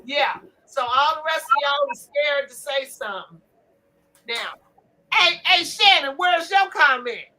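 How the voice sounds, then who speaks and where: An older woman hosting a casual live stream, loud and profane, often laughing as she trash-talks. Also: high voice, measured pace, low-quality recording. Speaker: livestream host.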